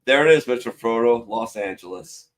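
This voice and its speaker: A man's voice: medium pitch, moderate pace. A middle-aged man with a mid-range voice talks loosely and profanely, reading meme captions aloud between chuckles. He swears freely and keeps a joking, irreverent tone throughout the casual chat. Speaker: show host reading memes.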